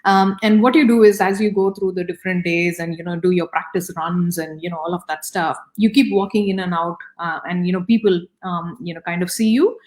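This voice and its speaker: A middle-aged woman with an Indian accent speaks as an interview guest, reflective and conversational, with many fillers and restarts. Her voice is fairly low and a little mellow, with fairly even intonation, and she talks fairly quickly with hardly any pauses.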